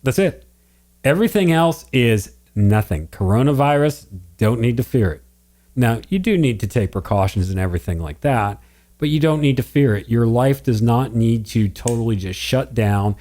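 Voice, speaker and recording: A man's voice at a middle pitch, earnest and preachy as he makes his points on a faith podcast. He laughs easily between serious stretches. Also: animated, normal speed, darkish tone. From Connecticut, New England. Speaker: podcast co-host. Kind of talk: casual faith podcast chat.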